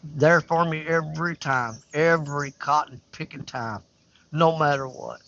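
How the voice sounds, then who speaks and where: This older man's fairly high, creaky voice stays fairly even in intonation as he speaks unhurriedly with a bright, forceful tone. He's hosting a fishing livestream outdoors by a river, chatting casually in a folksy, rambling, candid manner. The audio is dull lo-fi livestream sound.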